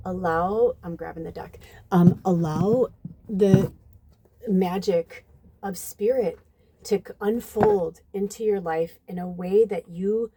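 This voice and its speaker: A woman in her fifties with a low, mellow voice, talking through a tarot reading to camera. She chats loosely with the viewers, calling them "you guys" and letting the odd swear word slip. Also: slight background noise. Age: 50s. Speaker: psychic medium and tarot reader. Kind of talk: casual channeled reading to camera.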